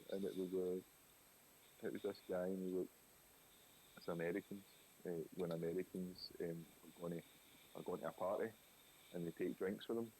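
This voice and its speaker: Deep-voiced Scottish man, rambling chat. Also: mellow, rough recording. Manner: rambling anecdotes with lots of fillers and laughs. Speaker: co-host of a live drawing stream. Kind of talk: casual chat. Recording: faint hiss.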